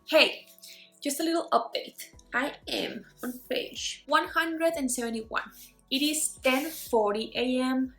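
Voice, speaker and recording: A young woman who grew up speaking chats through her reading day, playful and full of "like" fillers. Her voice sits a little high. The room is echoey, with light music under her talk. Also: slow, fairly bright tone. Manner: chatty, playful, rambling with many "like" fillers. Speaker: book vlogger. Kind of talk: casual vlog chat. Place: bedroom at home.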